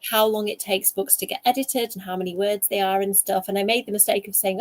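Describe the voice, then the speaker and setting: Woman, author, video call, chatty, animated, laughing, middle pitch. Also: quick pace. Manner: chatty, animated, laughs while telling stories. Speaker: guest author. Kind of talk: casual video chat.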